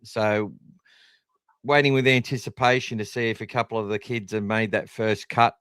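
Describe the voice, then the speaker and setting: Australian male podcast host, casual and rambling, smooth clear voice, dry close recording. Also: on the low side, flat delivery, normal speed, fairly bright tone, no echo. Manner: chatty, rambling, self-deprecating. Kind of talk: casual live-stream chat.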